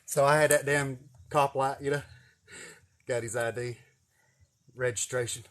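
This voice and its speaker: A man's voice: mid-range voice, fairly even intonation, a little slow, fairly bright tone. A man, telling a funny story in a casual, profane, folksy way.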